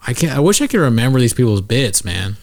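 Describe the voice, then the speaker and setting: A man's voice: mid-range voice, very animated, fast, a little mellow. A man hosting a podcast in casual chat, rambling and swearing, with lots of "like" as filler. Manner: rambling, profane, heavy use of "like". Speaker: podcast host.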